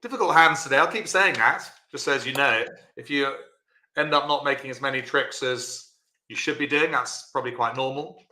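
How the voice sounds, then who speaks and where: A man's voice: medium pitch, a little fast, bright, forceful tone. Man, bridge teacher, chatty and encouraging, live-stream lesson, echoey room. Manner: chatty, encouraging, answers viewers by name.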